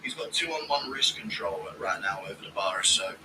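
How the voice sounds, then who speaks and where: A man's voice: animated, normal speed, sharp tone, slight background noise, low-quality recording. A man hosting a fight watch-along stream, chatting casually, reading out donations and cracking crude jokes. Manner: crude, jokey, does squealing high-pitched impressions.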